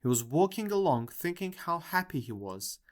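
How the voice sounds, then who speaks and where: A man narrating a classic novel as an audiobook in a measured storytelling manner. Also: fairly high pitch, sing-song. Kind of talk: scripted narration.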